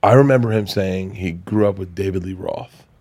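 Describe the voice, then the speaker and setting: A man's voice: low voice, moderate pace, darkish tone, breathy edge, no echo. A middle-aged man, a guest on a podcast, chatting casually and telling stories with laughs and put-on voices for the people he quotes.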